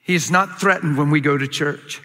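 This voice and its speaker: A man preaches a sermon with a high, bright and forceful voice. He talks emphatically, jumping up into excited peaks. The sound carries a long reverb, as if from a large hall. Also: moderate pace. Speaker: pastor.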